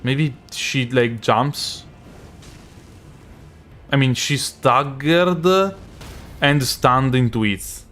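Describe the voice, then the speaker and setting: This Italian streamer, young and heavily accented, has a medium, slightly bright voice, drawing out words with long pauses over faint background music. His live gameplay commentary is loose and rambling, full of self-corrections and replies to chat.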